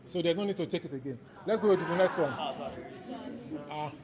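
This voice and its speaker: Nigerian lecturer dictating notes to a class. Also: male voice, on the high side, crowd noise. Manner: repeats each point slowly for note-taking; quizzes students directly. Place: lecture hall.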